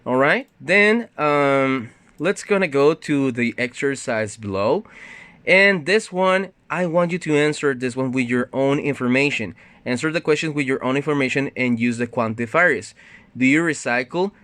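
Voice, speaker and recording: A man's voice: medium pitch, moderate pace, a bit bright, no room sound. A male English teacher giving a recorded online lesson, explaining step by step and often tagging a questioning "no?" onto his sentences. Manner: reads textbook dialogues aloud with livelier intonation.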